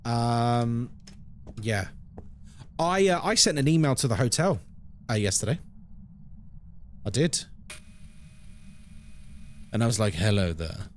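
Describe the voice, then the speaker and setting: A live-streamer in his thirties chats casually with his viewers in a medium-pitched voice, answering the chat playfully. There's a little hiss or hum in the audio.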